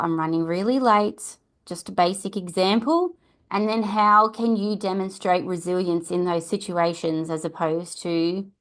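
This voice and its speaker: A middle-aged Australian woman talks through parenting advice in a casual, earnest way. She restarts her sentences and tags them with quick questions to the listener. Her pitch sits in an ordinary middle range for a woman. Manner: chatty, earnest, repeats and restarts, tag questions. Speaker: podcast host and parenting coach.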